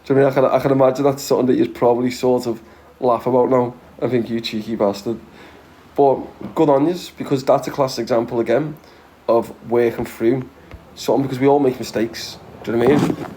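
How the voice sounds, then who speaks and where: A man's voice: mid-range voice, fairly even intonation, fast, mellow. A man with a Scouse accent chatting casually to viewers as a livestreamer, blunt and full of swearing, chuckling often. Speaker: livestreamer reading viewer comments.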